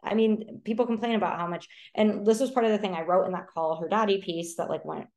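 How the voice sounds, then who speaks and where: A woman's voice: medium pitch, a little mellow. A woman guest on a podcast, talking in a Valley Girl voice full of "like", laughing often as she argues her points. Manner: laughs often, fast opinionated talk. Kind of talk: casual conversation.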